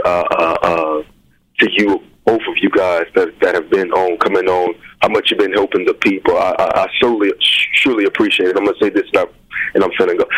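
Deep-voiced, halting, effusive male caller. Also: a bit bright, low-quality recording. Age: young adult. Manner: effusive, halting, lots of uh uh fillers.

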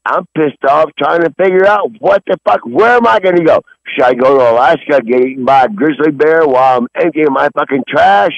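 A man's voice: medium pitch, no echo. A man on a phone call who rambles angrily, swears constantly and sniffles from the cold outdoors. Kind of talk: profane phone rant. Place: outdoors behind a grocery store in snow.

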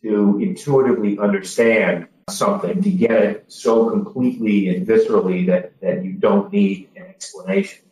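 Low-voiced man, distant and echoey. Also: animated, normal speed, few pauses, mellow. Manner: thoughtful, with many fillers and restarts. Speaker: podcast guest. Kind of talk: relaxed interview talk.

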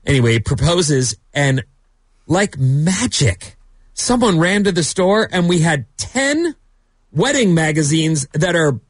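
A man's voice: on the high side, sing-song, takes it slowly, dry recording, clean studio sound. A male radio host telling stories in chatty morning show banter, playful and loose.

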